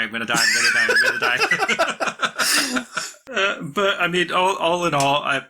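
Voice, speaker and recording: Bright-voiced man chatting on a podcast. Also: medium pitch. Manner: rambling, with many restarts and fillers. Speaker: podcast co-host. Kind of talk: casual chat.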